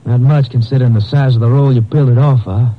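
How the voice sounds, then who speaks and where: Man doing a sly young blackmailer, slow folksy drawl, threatening, old radio play, muffled recording. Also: medium pitch, fairly even intonation, natural voice. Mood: sly menacing. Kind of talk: vintage radio drama acting.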